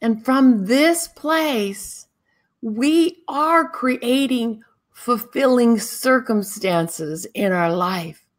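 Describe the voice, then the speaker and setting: A woman hosting a spiritual talk show, guiding listeners in a calm, drawn-out, meditative way. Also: fairly high pitch. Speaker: spiritual teacher and show host.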